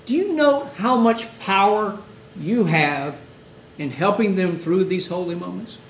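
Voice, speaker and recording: This chaplain instructor's voice sits high and sounds expressive, and he takes his time. In a conversational lecture for hospital chaplains, he often role-plays exchanges with grieving families, captured by a far-off mic in an echoey room with a little hiss.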